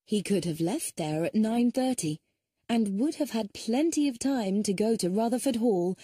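An audiobook narrator, a woman with a husky, dark, mid-range voice, reads scripted narration. The recording is clean studio audio with no room sound.

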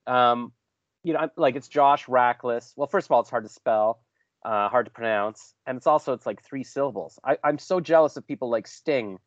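A man's voice: medium pitch, moderate pace, no room sound, dull audio. A man hosting a casual interview over a video call, rambling and joking at his own expense. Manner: rambling, self-deprecating, jokey. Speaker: podcast host.

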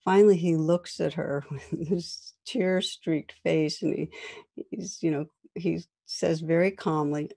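Gentle, mellow-voiced woman meditation teacher. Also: low voice, fairly even intonation, unhurried, gravelly. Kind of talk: guided meditation and dharma talk.

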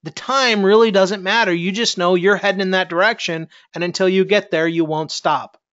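A man's voice: high voice, steady tone, moderate pace, fairly bright tone, dull audio. A middle-aged man, a network marketing coach, giving a fiery, preachy motivational talk and challenging his listeners.

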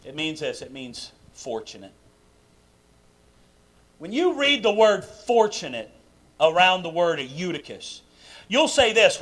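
A man preaching a sermon in a church sanctuary, emphatic and full of questions to the congregation, swinging between loud bursts and quiet asides. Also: fairly high pitch, sing-song, slow pace, pauses often. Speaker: pastor. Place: church sanctuary during a live service.

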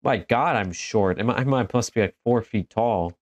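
In a horror game let's play, a man with a lowish voice speaks at a normal pace, the recording's highs cut off. The video host is jokey, quick to laugh, and addresses the characters in the game directly.

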